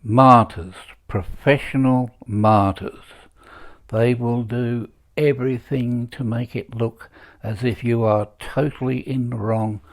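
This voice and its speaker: A man in his seventies giving a rambling casual monologue, halting and full of fillers, with dry wry humor. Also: mid-range voice, fairly even intonation. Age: 70s. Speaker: vlogger.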